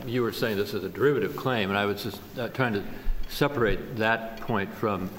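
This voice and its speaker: A male judge questioning a lawyer from the bench, cutting in with probing, halting questions. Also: lowish voice, fairly bright tone. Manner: interrupts and probes, halting restarts. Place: large courtroom. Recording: reverberant courtroom recording with faint noise.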